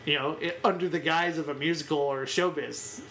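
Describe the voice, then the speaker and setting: A man co-hosting a casual film-discussion podcast, relaxed, laughing easily and searching for words. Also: fairly high pitch, a little fast, slight background noise, poor audio. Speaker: podcast co-host.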